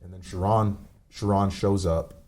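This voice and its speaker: A man in his forties, low in pitch and dark in tone, talks through a painful personal story as a podcast guest. He is candid and loose, rambling and swearing casually as he goes. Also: fairly even intonation, measured pace. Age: 40s.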